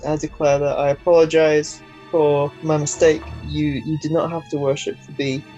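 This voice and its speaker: A brash, playful man speaking as a player in a tabletop game. His voice is fairly high, and the dull lo-fi sound carries faint music. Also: flat delivery, normal speed, warm tone. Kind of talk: tabletop role-play.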